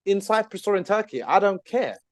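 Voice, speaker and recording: A man's voice: high voice, expressive, fairly quick, no echo. A man co-hosting a podcast, talking earnestly and at length in casual chat. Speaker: podcast co-host, trained therapist.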